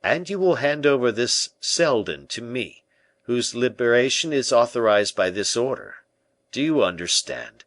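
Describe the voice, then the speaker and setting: A man voicing a calm, self-possessed schemer in an audiobook, persuading and giving orders with smooth assurance. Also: mid-range voice, unhurried, no room sound, pitched above the performer's own voice. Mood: coolly persuasive. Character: cool, scheming male musketeer-bishop. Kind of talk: audiobook character reading.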